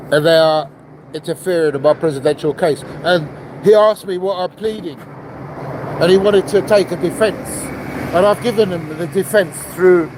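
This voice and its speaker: A man's voice: sits high, slight background noise, poor audio. Angry Cockney man ranting outdoors. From London. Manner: loud, aggressive, swearing, repetitive rhetorical questions. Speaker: vlogger. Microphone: handheld camera.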